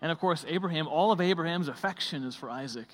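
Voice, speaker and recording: A man with a fairly high voice delivering a sermon. He talks loosely and conversationally, with frequent fillers and restarts. His words ring out with a long reverb through a large church. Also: fast. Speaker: preacher.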